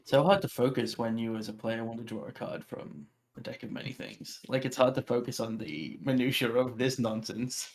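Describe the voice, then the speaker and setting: A man's voice: medium pitch, fairly even intonation, normal speed, hardly any pauses, rough recording. A man playing a tabletop game who jokes and thinks aloud while planning, speaking over an online call. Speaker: player. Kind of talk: casual tabletop game talk.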